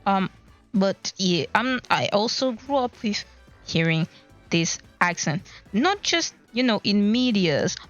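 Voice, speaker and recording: A woman's voice: mid-range voice, animated, takes it slowly, soft background music. Rambling woman streaming with dull audio. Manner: rambling, searching for words while explaining. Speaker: livestreamer. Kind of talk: casual livestream chat. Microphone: desk mic at a laptop.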